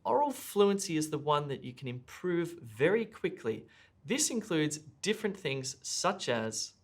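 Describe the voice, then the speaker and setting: A man's voice: a little high, a bit bright. Man teaching a speaking lesson. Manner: clear, deliberate, stresses key words. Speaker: English test tutor. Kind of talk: explanatory lesson.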